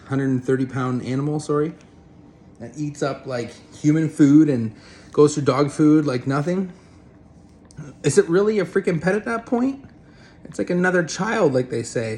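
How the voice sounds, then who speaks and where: A man's voice: medium pitch, slight background noise. A man giving a casual, rambling opinion rant as a vlogger, blunt and swearing freely.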